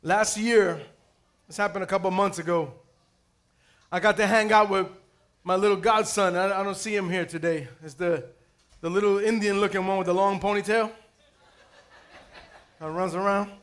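This pastor's voice sits high, and he talks at an ordinary pace with frequent pauses. His sermon is lively and playful, full of stories, calls for amens, and moments where he lifts his voice for emphasis.

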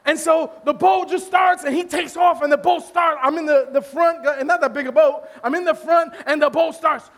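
A male pastor telling a humorous story during a sermon, animated and self-deprecating, laughing often and restarting his sentences. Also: very high voice, normal speed, vocal fry, hardly any pauses.

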